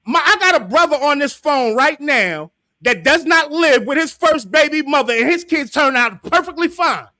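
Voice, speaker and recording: A man with a strikingly high, lively voice hosts a heated talk-show debate. He argues emphatically, circles back to repeat his points and swears freely. His tone is bright and the sound is close and dry. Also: moderate pace, hardly any pauses, no room sound. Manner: emphatic, argumentative, repeats himself, profane. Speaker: livestream show host. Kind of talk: heated panel discussion.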